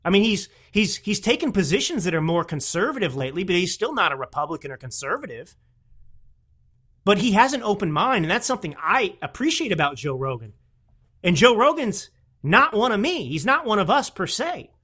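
Combative male podcast host, mocking tone, very animated delivery. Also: sits high, brisk, husky. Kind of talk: opinionated political commentary.

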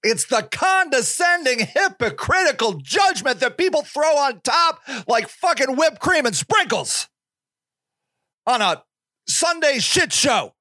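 A man's voice: very high voice, very animated, measured pace, pushed and bright, no room sound. A man hosting a podcast, delivering a passionate, sarcastic and indignant monologue. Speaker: podcast host. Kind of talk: ranting monologue.

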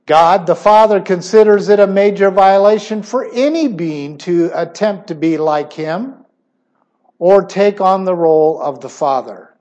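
A middle-aged man preaching a sermon emphatically, his voice swinging suddenly between loud stressed words and quiet asides. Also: high-pitched, a little slow, lo-fi sound.

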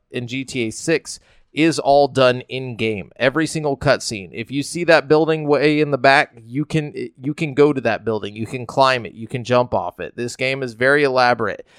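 A man hosts a laid-back gaming podcast, reading news quotes and wandering off between them. His voice is smooth and clear at a middling pitch. The sound is dry and close, with no room around it. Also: moderate pace, a bit bright, no echo. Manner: reads news quotes aloud, loose and rambling. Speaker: podcast host. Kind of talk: casual gaming news chat.

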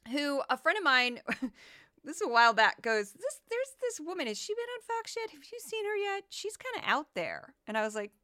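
A bright, crisp-voiced woman hosting a commentary podcast. She talks animatedly, now and then slipping into goofy put-on voices. The sound is dry and close. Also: a little high, no room sound. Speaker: podcast host.

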